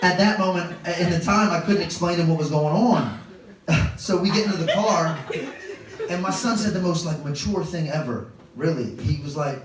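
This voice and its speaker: A man's voice: fairly high pitch, normal speed, a little hiss or hum. A man in his thirties doing a storytelling stand-up comedy set on a club stage, wry and self-deprecating. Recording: echoey club room, distant mic, audience laughter.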